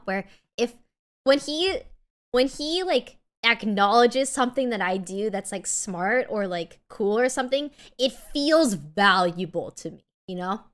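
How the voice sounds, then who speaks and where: A young woman streamer, teary and emotional, gushing in a casual livestream chat. Her high, bright voice swings widely up and down in pitch. She talks slowly, rambling with plenty of fillers.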